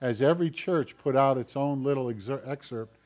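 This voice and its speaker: A man preaching a sermon, swinging from urgent, raised passages to hushed, quiet ones. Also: mid-range voice, brisk. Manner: dramatic shifts between loud urgency and hushed quiet. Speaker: pastor.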